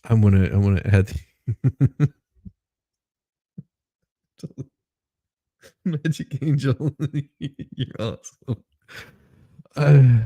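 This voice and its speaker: Gravelly, slow-talking man. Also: fairly low pitch, warm tone, no room sound. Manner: laughs often, greets chat viewers by name. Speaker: livestream host. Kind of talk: casual morning livestream chat.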